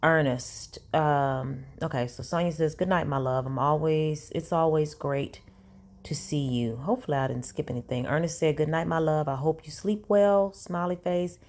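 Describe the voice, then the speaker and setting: A woman's voice: sits low, moderate pace, a little mellow. A woman reads text messages aloud and breaks in with sassy, incredulous asides as a commentary vlogger.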